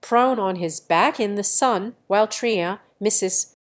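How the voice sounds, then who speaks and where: Slow, measured woman narrating an audiobook. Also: mid-range voice. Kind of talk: scripted narration.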